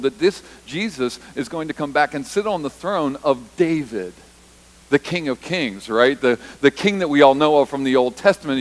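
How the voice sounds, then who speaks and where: Heard on poor audio, a man with a higher-pitched voice preaches a church sermon as the pastor. He keeps it conversational, restates points to stress them, and slips into short quoted voices for the disciples and Jesus.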